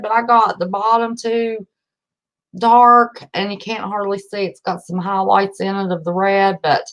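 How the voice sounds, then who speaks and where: Chatting folksily on a casual home livestream, this West Virginia host has an Appalachian accent and a mid-range, fairly bright voice. She greets viewers by name and calls them honey.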